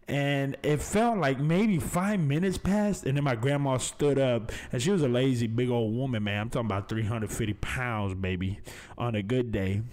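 A young man, hosting a podcast and telling a story in a casual, profane, laid-back way, peppering it with "man" and "baby". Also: fairly low pitch. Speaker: podcast host.

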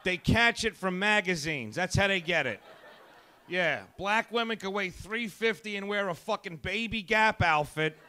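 A man's voice: high voice, expressive, normal speed, sharp tone, smooth. Abrasive, profane male stand-up comic. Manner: abrasive, profane, taunting the audience. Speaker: stand-up comedian. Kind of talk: stand-up set. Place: comedy club.

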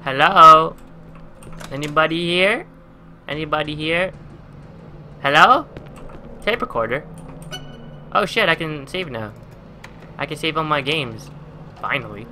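A man's voice: on the high side, expressive, a little slow, long pauses, bright, forceful tone, faint music behind. A man in his twenties from New Jersey, playing through a horror game and commenting, jumpy and swearing constantly, yelping when startled. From New Jersey, USA. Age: 20s. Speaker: let's play gamer. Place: at home at a gaming computer.

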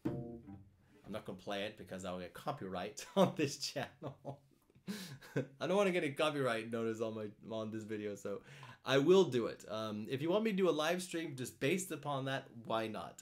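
Rambling, animated man answering viewer questions. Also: mid-range voice. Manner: rambling, repeats words, reads out comments and greets viewers. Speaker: cello teacher hosting a live stream. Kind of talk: casual live-stream chat answering viewer questions. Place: home in France.

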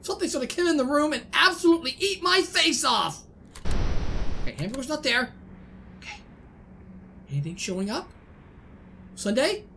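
A woman host giving excited let's-play commentary, laughing often and talking to the game characters. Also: high-pitched, moderate pace, pauses often, a little hiss or hum. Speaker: gaming channel host.

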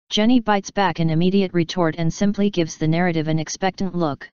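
A woman reading a fanfiction story aloud in a calm, even narration. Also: fairly low pitch, brisk, few pauses, smooth, no echo, dull audio. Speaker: fanfiction reader.

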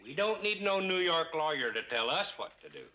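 Bright, bossy country engineer, blunt talk, old sitcom audio. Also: male voice, fairly high pitch, big pitch swings, fairly quick. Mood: gruff. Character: stubborn rural train engineer. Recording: dull old TV soundtrack.

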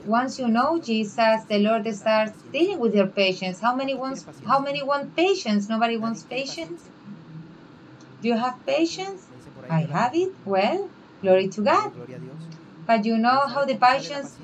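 A woman's voice: fairly high pitch, rough recording. A woman co-pastor whose first language is Spanish, preaching a sermon in an earnest way and acting out other people's questions. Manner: earnest preaching, acts out skeptics' questions in a raised voice.

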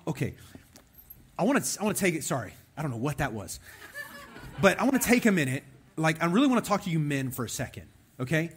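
A young man preaching a conversational sermon, animated and speaking directly to the men listening. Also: a little high, husky. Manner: animated, talks straight to the men in the room.

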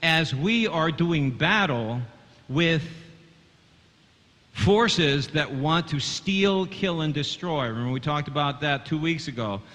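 A man's voice: a little high, slow, fairly bright tone. A man teaching a sermon to a congregation in earnest tones, often catching on repeated fillers and restarts as he asks the listeners to follow along. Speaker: Bible teacher. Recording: long hall reverb.

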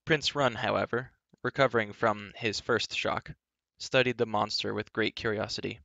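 A man reading a children's book aloud in a gentle, measured storytelling manner. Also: fairly low pitch, fairly even intonation, gravelly, no room sound.

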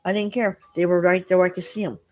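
A woman's voice: lowish voice, level tone, darkish tone. Rambling middle-aged woman vlogger. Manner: rambling, halting storytelling with many restarts. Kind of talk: casual chat.

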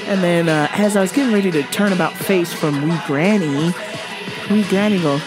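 A woman's voice: fairly low pitch, moderate pace, music in the background. A woman telling a comedic story on her vlog, cursing, laughing often and acting out the people in it. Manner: profane, laughs often, acts out scenes. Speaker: vlogger.

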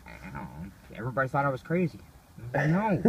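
A man's voice: medium pitch, sing-song, fairly quick, creaky, a crowd in the background. A man casually telling rambling, profanity-laced stories to a friend. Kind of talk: casual storytelling.

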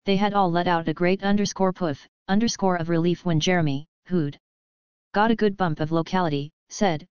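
A woman narrates a children's storybook in a steady, even reading. Her voice sits fairly low and is very clean and smooth. The recording is close and dry, with a slightly dull, lo-fi sound. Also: normal speed, dry recording. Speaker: audiobook narrator.

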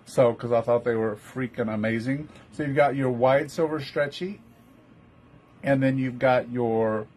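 A man's voice: mid-range voice, steady tone, a little slow, darkish tone, breathy edge. A man with a Texan accent hosting a live-stream jewelry sale, chatty, greeting viewers by name and calling them love. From Texas. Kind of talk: live-stream sales chat.

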